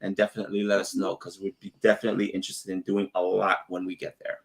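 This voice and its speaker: A man's voice: low voice, monotone, quick pace, vocal fry. A man co-hosting a casual travel live stream, chatting, laughing often and reading out viewer comments. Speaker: travel vlogger co-host.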